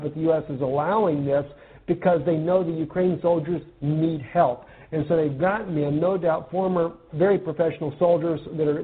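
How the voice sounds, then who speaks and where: A man from the United States comments on news articles in an earnest, conversational manner, pausing to think mid-sentence. His voice sits a little on the high side for a man. The audio is narrow and tinny, like a phone line.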